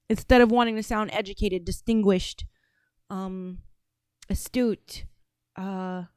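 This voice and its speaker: A blunt, opinionated woman from Atlanta hosting a podcast, swearing freely as she reacts to clips. Her voice is smooth and clear. It sits close and dry on the mic. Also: medium pitch, fairly even intonation, takes it slowly, pauses often, a little mellow, dry recording. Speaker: podcast host. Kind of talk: casual commentary on played clips.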